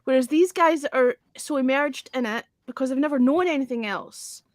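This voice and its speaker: A woman's voice: high-pitched, normal speed, no echo, studio quality. A woman, hosting a casual music chat in a blunt, swearing manner. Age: 40s. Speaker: host.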